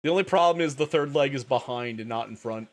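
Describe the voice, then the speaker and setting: A man's voice: mid-range voice, quick pace. A man hosting a casual livestream, sleepy and tired, swearing often and laughing a lot. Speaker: livestream host.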